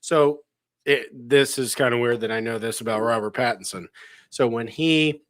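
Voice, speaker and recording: A man's voice: medium pitch, dry recording. A man co-hosting a podcast in casual chat, telling rambling stories with frequent chuckles. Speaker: podcast co-host.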